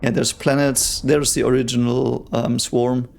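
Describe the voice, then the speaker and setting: A young man reacting to a sci-fi series episode in casual commentary, excitable and swearing a lot. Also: medium pitch, unhurried, creaky, slight background noise. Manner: excitable, swears a lot, talks over the show. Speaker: reaction video host.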